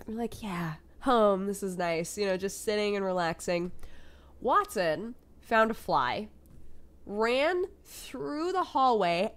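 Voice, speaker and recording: Animated young woman vlogger, lively pitch. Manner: animated, acts out quoted voices with big pitch jumps and laughs. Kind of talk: casual storytelling to camera.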